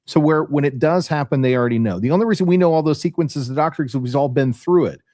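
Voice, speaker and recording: A man's voice: fairly high pitch, fast talker, dark tone, dry recording. Male interview host, conversational and affirming, dry close mic. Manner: affirming, sums up the guest's points with analogies. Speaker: podcast host.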